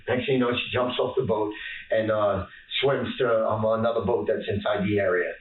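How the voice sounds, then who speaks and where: A man being interviewed by police, talking haltingly with many fillers. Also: fairly low pitch, steady tone, phone-quality sound. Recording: echoey room, distant mic, faint noise.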